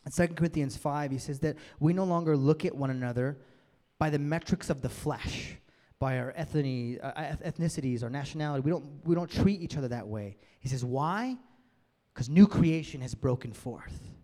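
A man's voice: mid-range voice, warm tone. Man preaching in a reverberant hall. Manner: conversational, building to emphatic peaks. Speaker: pastor. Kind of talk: sermon. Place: church hall with long reverb.

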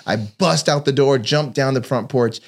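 A man's voice: medium pitch, normal speed. A man and father giving a personal devotional talk, earnestly telling stories and acting out the voices of the people in them. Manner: earnest storytelling, acts out quoted voices.

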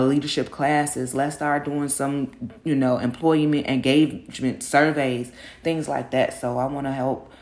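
Groggy, candid woman podcasting at dawn. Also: rumbling low. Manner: candid, slangy and self-encouraging, openly nervous. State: groggy early-morning voice. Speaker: podcast host. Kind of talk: casual solo podcast monologue.

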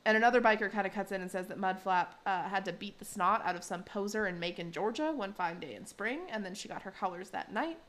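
A woman's voice: medium pitch, fast talker, hardly any pauses, fairly bright tone. A young adult woman co-hosting a podcast, recapping a show episode in a casual, giggly way and quoting characters in playful voices. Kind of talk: casual chat.

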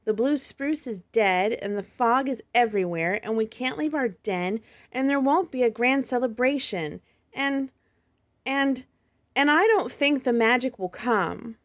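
A woman's voice: mid-range voice, moderate pace, lightly acted. A woman voicing a young boy fox kit, an anxious older brother who talks in an earnest, fretful way, in a slightly muffled recording. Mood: upset.

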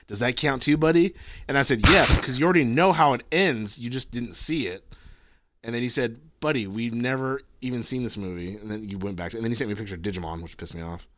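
A young man co-hosting a podcast, swearing and retelling text exchanges with jumpy pitch. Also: fast talker, fairly bright tone, slight background noise. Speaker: podcast co-host. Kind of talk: crude casual chat.

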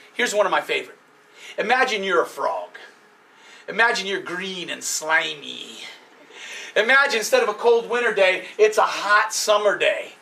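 An animated male storyteller spins fables for children, quizzing the crowd and barking like a dog. His voice sits very high and bright, and it is picked up from a distance. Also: gravelly. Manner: animated, playful, with sound effects and audience questions.

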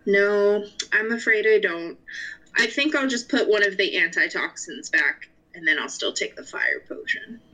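A woman's voice: medium pitch, lively intonation, pushed and bright, poor audio. A woman playing her character in a tabletop game, speaking politely and without hurry. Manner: polite, unhurried in-character talk. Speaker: player.

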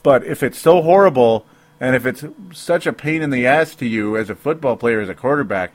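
Alone on his sports talk podcast, a man delivers a brisk, emotional rant in a mid-range voice with no echo. He wanders off track, cuts himself off and slips in small laughs between his points.

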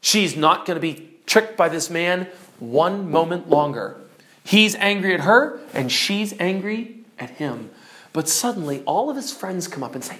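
A preacher teaching from notes, telling an allegory dramatically and slowing down to stress key words. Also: medium pitch. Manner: animated, dramatic storytelling, drops to slow emphasis. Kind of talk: storytelling sermon lesson.

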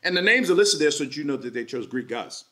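A man preaching an energetic sermon at a church service, joking and doing playful voices while the congregation answers him. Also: a little high, fast talker. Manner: lively, jokey preaching with playful put-on voices. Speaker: pastor.

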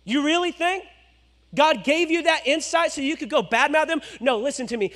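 A male pastor preaching a sermon, swinging between loud exhortation and hushed, low asides. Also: moderate pace.

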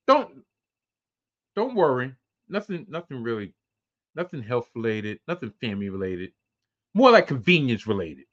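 Animated, profane man ranting on a podcast. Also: mid-range voice, moderate pace, long pauses. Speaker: podcast host. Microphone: close to webcam. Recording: dull lo-fi sound.

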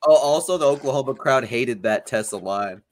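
A man's voice: mid-range voice, normal speed. A man in casual podcast chat, critiquing bluntly and swearing freely. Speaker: podcast co-host.

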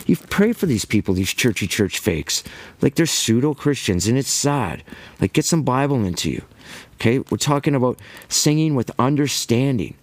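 A man giving an impassioned religious monologue, emphatic and ranting, with quick bursts and repeated words. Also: mid-range voice, expressive, dry recording. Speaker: Christian commentator.

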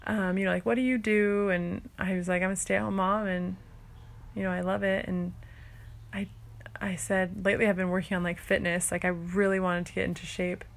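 A woman's voice: medium pitch, level tone, normal speed, gravelly. A young woman, a stay-at-home mom, telling a personal story in a chatty way, full of "like" and quoting herself and others.

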